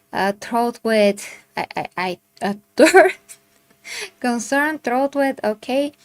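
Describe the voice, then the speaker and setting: Bulgarian accented woman rambling thru viewer comments, mid pitch, dead dry mic. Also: no echo. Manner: chatty, with filler words and restarts, laughing asides. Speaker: channel host.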